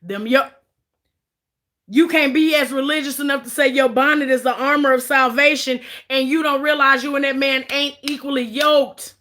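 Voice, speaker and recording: A woman's voice: high voice, fairly even intonation, moderate pace, fairly bright tone. A woman giving blunt, profane, emphatic commentary in an opinion vlog.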